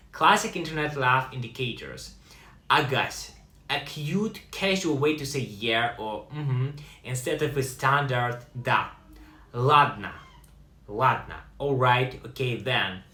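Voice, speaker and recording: A man teaching language in a lively way, slowing down to pronounce example words. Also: mid-range voice, reverberant. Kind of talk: online language lesson.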